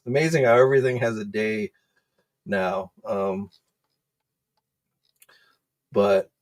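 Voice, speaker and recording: A man hosting a casual livestream, chatting in a relaxed way with plenty of "um"s and "uh"s and greeting viewers by name. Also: on the low side, slow. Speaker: host of an action figure news livestream. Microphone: desk microphone.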